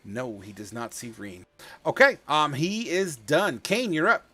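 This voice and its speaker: Man, game master, bright voice, casual, joking, swearing, tabletop game. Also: a little high, sing-song, measured pace, dry recording. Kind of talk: running a tabletop game over voice chat.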